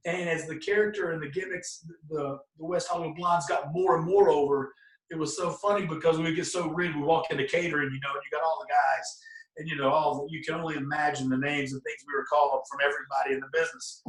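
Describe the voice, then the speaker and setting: A middle-aged man, a former wrestler, telling lively stories as a guest, acting out other people's lines and breaking into loud outbursts. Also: a little high, fast talker. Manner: animated, acts out quoted voices, bursts into loud exclamations. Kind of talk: casual anecdotal storytelling. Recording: roomy, distant from the mic.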